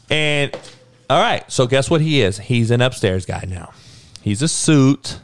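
A man's voice: mid-range voice, lively intonation, moderate pace. A man giving a heated, profane and mocking sports rant as a podcast commentator.

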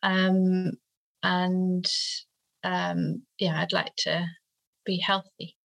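Low gravelly woman, hesitant. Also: little pitch movement, extremely slow, muffled recording. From United Kingdom. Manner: hesitant, many fillers, laughs softly. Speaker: interview guest. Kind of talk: conversational interview.

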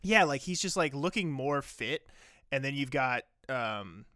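Bright, crisp-voiced man chatting casually. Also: mid-range voice, expressive, unhurried, dry recording, studio quality. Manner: chatty, fills with "like", laughs often. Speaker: podcast co-host. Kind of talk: casual chat.

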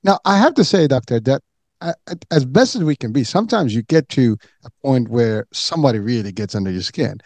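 A man's voice: medium pitch, animated, brisk, darkish tone, dry recording. A man hosting an interview, asking long questions full of restarts and fillers. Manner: rambling, many restarts and fillers. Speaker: interview host.

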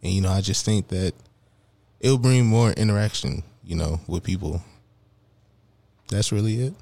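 A man's voice: low-pitched, moderate pace, vocal fry, darkish tone, no echo. A young man co-hosting a podcast, talking frankly and earnestly in casual chat, giving advice to a friend. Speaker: podcast co-host.

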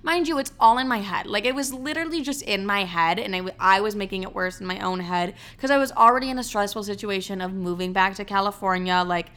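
Young woman, casual storyteller, bright clear voice, swears a lot, acts out dialogue. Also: mid-range voice, quick pace, hardly any pauses. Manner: profane, animated, acts out quotes.

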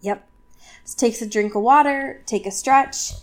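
A woman co-hosting a casual podcast, recapping a novel chapter with lots of fillers and quick asides. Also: a little high. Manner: chatty, filler-heavy, acts out characters in quick asides. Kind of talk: casual chat.

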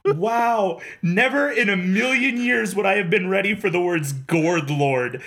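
A player in a tabletop game, talking lively and expressive, partly in character. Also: medium pitch, measured pace, a little hiss or hum.

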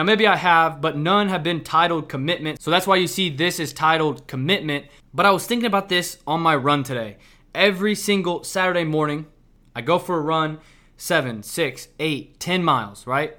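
Bright-voiced emphatic young man podcaster. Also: a little high, normal speed. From Kansas City, Missouri. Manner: emphatic and repetitive, with frequent "right?". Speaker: podcast host. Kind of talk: motivational solo podcast.

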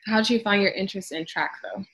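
A woman from Inglewood co-hosting a podcast, chatting in an upbeat, relaxed way and introducing a guest. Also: medium pitch, fast talker, husky. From Inglewood, California. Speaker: podcast co-host.

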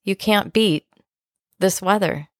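A woman's voice: medium pitch, slow, no echo, studio quality. Playful woman co-hosting a podcast. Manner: playful, teasing. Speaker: podcast co-host. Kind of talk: casual chat.

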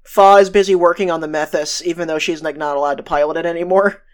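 Podcast co-host, casual chat, rambling, profane, middle pitch. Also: steady tone, fast. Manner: rambling, retells scenes with swearing and laughter. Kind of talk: casual chat recapping an anime episode.

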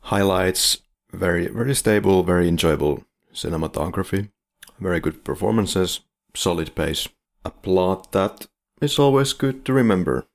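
A man's voice: low-pitched, normal speed, creaky. A man co-hosting a film podcast in casual chat, wry and leading the questions. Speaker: podcast co-host.

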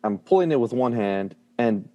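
A man's voice: mid-range voice, animated, moderate pace, dark tone, lo-fi sound. A middle-aged man telling a story in a casual chat, full of fillers and restarts, often laughing. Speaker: guest.

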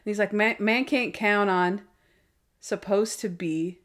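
A woman in casual chat, excitedly retelling a favorite TV episode and acting out its lines with frequent laughter. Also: mid-range voice, slow pace. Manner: animated, laughing storyteller acting out quotes.

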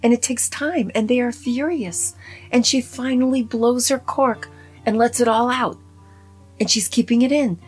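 A woman giving a casual spoken movie review in an animated, opinionated, rambling way full of asides. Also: fairly high pitch, moderate pace, slightly rough, soft background music. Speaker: film reviewer.

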